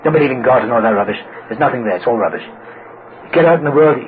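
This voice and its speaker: A man doing a bitter, gruff old father, tinny recording. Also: medium pitch, expressive, fast, slight background noise, natural voice. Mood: scornful. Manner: scornful, blunt.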